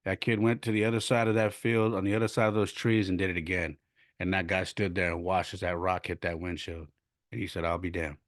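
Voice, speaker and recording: A middle-aged man hosting a podcast, earnestly retelling a story with lively restarts and self-corrections. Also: sits low, brisk, no room sound, studio quality. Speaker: podcast host. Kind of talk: casual storytelling monologue.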